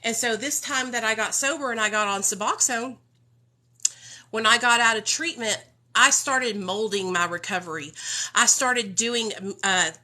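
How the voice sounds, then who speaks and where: A woman's voice: on the high side, moderate pace, sharp tone. A woman, talking emotionally and bluntly to her livestream viewers about recovery, swearing freely and calling them y'all. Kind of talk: emotional unscripted livestream talk.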